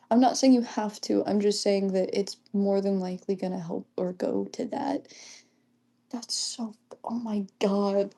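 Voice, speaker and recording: A young woman livestreaming in a casual chat, reading comments aloud, often giggling and keeping her voice hushed. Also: mid-range voice, gravelly.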